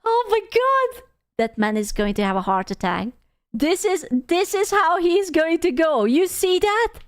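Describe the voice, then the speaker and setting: A woman streamer giving casual, animated reaction commentary, gasping and laughing as she talks. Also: very high-pitched, unhurried, dry recording. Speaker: VTuber streamer reacting to videos.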